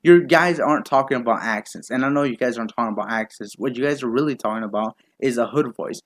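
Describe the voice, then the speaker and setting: A man reacting to a video in a heated, sarcastic rant, swearing freely and sounding openly disbelieving. His voice sits at an ordinary middle pitch. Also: fast. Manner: sarcastic, profane, incredulous. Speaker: YouTube commentator.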